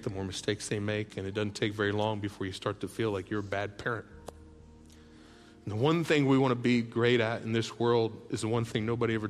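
A man preaching a sermon as a pastor, telling tender stories in a soft voice and building to loud, rallying calls to the congregation. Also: on the low side, a little hiss or hum. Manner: heartfelt storytelling that swells into loud rallying calls; drops to soft, hushed tones for tender moments. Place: large church auditorium. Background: soft background music.

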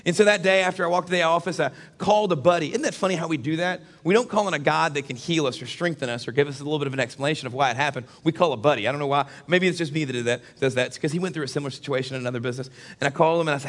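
A middle-aged man delivering a sermon in a conversational way, moving from hushed personal storytelling to loud, emphatic preaching. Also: fairly high pitch, very fast. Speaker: pastor.

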